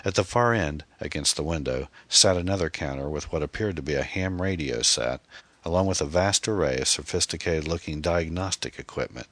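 A man reading a mystery novel aloud as audiobook narrator, measured and steady, on a close mic. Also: rumbling low, no room sound.

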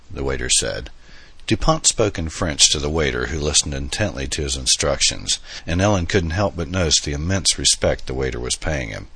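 A man giving steady, measured audiobook narration, recorded close on a studio mic. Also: a bass voice, gravelly, slightly rough, dry recording.

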